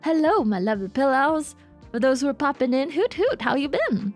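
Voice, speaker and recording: High-voiced playful woman streamer. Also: very animated, brisk. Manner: bubbly and playful, talks to chat. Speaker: VTuber streamer. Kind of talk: casual livestream chat. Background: faint lo-fi hip hop music.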